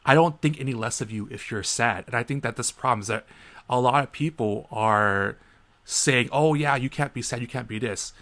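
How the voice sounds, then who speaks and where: Gravelly-voiced man telling stories on a podcast. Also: moderate pace. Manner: animated storyteller, acts out other people in a high voice. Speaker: podcast co-host. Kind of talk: casual podcast chat.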